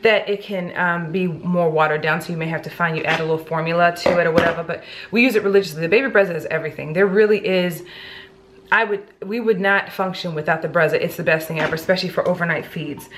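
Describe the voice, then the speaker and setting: A woman's voice: on the low side, fairly even intonation, fast talker, fairly bright tone, a little hiss or hum. A young woman chatting casually to her camera at home in a family vlog, slangy and talkative, with music playing under her voice. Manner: chatty and slangy, drops into baby talk with the infants. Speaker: vlogger. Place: home, indoors.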